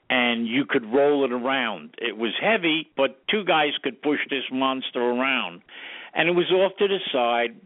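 An older man, a guest sound engineer, telling an animated anecdote and acting out the lines he quotes. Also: on the high side, no echo. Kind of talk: storytelling anecdote. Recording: tinny phone line, dry.

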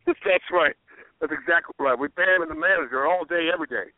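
A man hosting a podcast over the phone, enthusiastic and quick to laugh. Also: a little high. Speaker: podcast host. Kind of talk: casual chat. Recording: dry tinny phone line.

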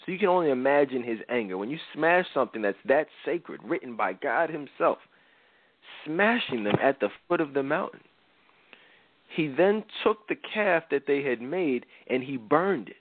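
A man's voice: medium pitch, normal speed. A man co-hosting a podcast, casually retelling a Bible story with slang and frequent laughs. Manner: animated, slangy, laughs often. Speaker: podcast co-host. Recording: dry thin phone-like sound.

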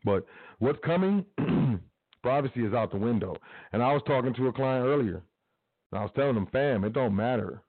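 A man's voice: mid-range voice, expressive, brisk, dry recording. A man hosting a talk radio show, speaking casually and emphatically and repeating his phrases. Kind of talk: motivational talk radio monologue. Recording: tinny phone-like line, dry.

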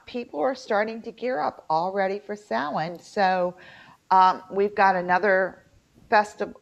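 A middle-aged woman with an Appalachian twang tells rambling, filler-laden stories as a co-host. Her voice sits low with a gravelly edge. The recording is muffled and lo-fi. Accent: Appalachian mountain twang. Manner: chatty storyteller, lots of fillers. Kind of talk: casual chat. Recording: muffled lo-fi audio.

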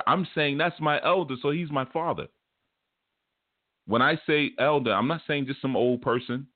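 A man hosting a show, telling a story in a relaxed, rambling way and acting out what people said. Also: medium pitch, no room sound. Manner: relaxed storytelling, repeats "man", acts out quotes. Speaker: spiritual teacher and show host. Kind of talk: casual monologue. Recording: dry phone-like sound.

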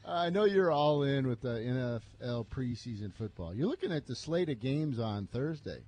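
A man's voice: mid-range voice, lively intonation, moderate pace, darkish tone. Easygoing male sports radio host. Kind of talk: casual sports talk.

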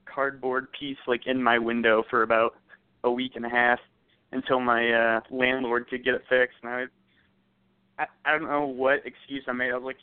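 A young man tells stories on a podcast, laughing through them and swearing freely. His voice is smooth and clear but sounds thin and phone-like, close and dry with no room sound. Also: medium pitch, flat delivery, moderate pace, dry recording. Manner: laughing while telling stories, profane. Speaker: podcast co-host. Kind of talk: casual storytelling chat.

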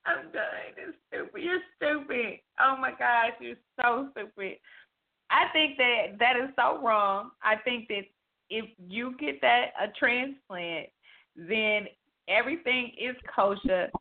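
A woman hosting a casual chat show, animated and teasing as she exclaims. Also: fairly high pitch, slow pace, vocal fry. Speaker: host. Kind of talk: casual podcast banter. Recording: tinny phone-like line.

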